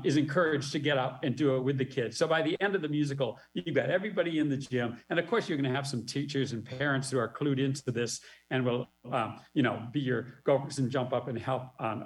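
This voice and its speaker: A man presenting a music-teacher webinar, explaining a children's musical in an animated, chuckling way. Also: a little high. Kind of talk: casual webinar walkthrough.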